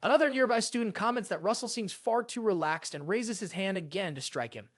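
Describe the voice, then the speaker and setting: A narrator reading a fantasy comic recap as scripted storytelling in a steady manner, recorded close on a voice-over mic. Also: medium pitch, a little fast, no room sound.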